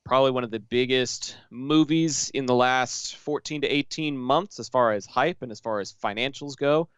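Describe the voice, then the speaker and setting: A man co-hosting a casual podcast, telling stories with lively quoted asides. His voice is smooth and clear, recorded dry on a close mic. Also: medium pitch, moderate pace, no room sound. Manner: storytelling, animated retelling with quoted asides. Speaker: podcast co-host. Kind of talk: casual chat.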